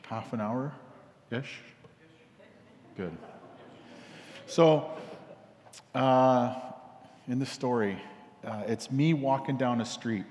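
A man's voice: mid-range voice, extremely slow, long pauses, a little mellow. A man telling a parable in a casual, repetitive sermon, with many fillers and restarts. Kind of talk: rambling storytelling sermon. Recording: long hall reverb.

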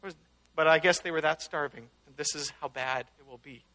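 A man's voice: fairly high pitch, brisk, bright, forceful tone. A man preaching a conversational sermon, teaching casually and breaking into emphatic outbursts. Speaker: pastor.

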